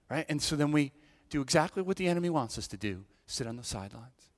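A male pastor tells a story from the pulpit in an animated way, often tossing in "right?". His voice sits fairly high for a man, and a church sanctuary's long reverb trails after him. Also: fast. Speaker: associate pastor. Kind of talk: sermon.

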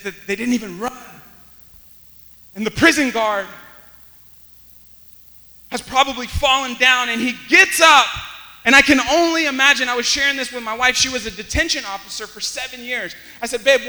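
High, bright-voiced man preaching in a hall. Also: moderate pace. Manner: swings from loud exclamations to hushed near-whispers. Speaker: pastor. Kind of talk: sermon.

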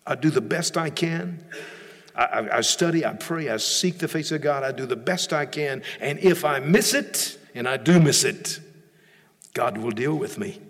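A man's voice: medium pitch, lively intonation, moderate pace, fairly bright tone, big-room sound. A male pastor preaching a sermon in a church, emphatic, often repeating and restarting phrases.

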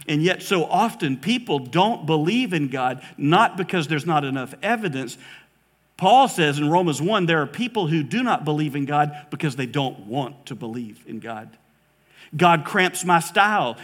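A man preaching a sermon as a pastor, earnest, slowing down to stress key words and rising sharply when quoting scripture. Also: on the high side, fairly bright tone. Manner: earnest preaching, slows for emphasis, rises dramatically on quotes.

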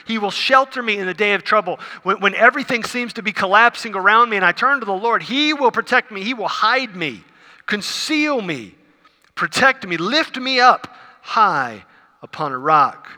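A pastor delivers his sermon in a bright, forceful, somewhat high voice. He repeats his phrases earnestly, dropping low and then rising loud. His voice carries a long reverb from the hall. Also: expressive, moderate pace.

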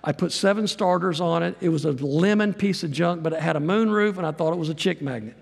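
A man's voice: on the high side, quick pace. A middle-aged man preaching a sermon in a church, folksy and rambling, with self-deprecating asides. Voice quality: gravelly voice. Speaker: guest preacher and missionary. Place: church sanctuary. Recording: long reverb of a church hall.

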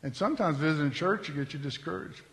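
A man's voice: on the high side, expressive, fast, vocal fry, a bit bright, long reverb tail. A man telling his testimony from the pulpit in an earnest, conversational storytelling manner. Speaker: preacher giving his testimony.

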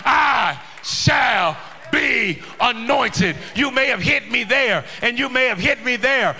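A man preaching a sermon in a church, shouting and stretching out key words. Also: very high-pitched. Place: church sanctuary. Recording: long hall reverb, music behind.

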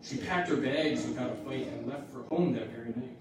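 A man's voice: mid-range voice, brisk, crowd noise. Man narrating a bouncy rhyming story. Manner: bouncy singsong rhyme. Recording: echoey hall from far off.

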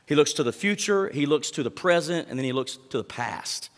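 A pastor giving a sermon, reading verses and explaining them with emphatic rises and asides to the congregation. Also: male voice, on the high side, expressive, brisk, long reverb tail.

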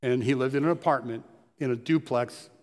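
A man's voice: medium pitch, brisk, darkish tone. Man preaching in a reverberant hall. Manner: storytelling, conversational. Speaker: pastor. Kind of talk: sermon.

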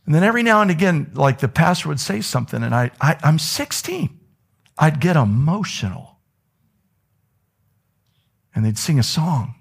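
A man preaching a sermon as a pastor in a church, telling stories with wide swings in pitch and dropping now and then to a whisper. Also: big pitch swings, moderate pace, gravelly, long pauses, slightly rough. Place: church sanctuary.

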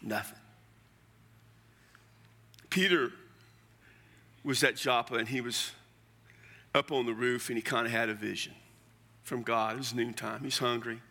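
A man's voice: mid-range voice, steady tone, unhurried, long pauses, pushed and bright, big-room sound. A man preaching a sermon in a folksy, conversational way, with asides and restarts. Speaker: pastor.

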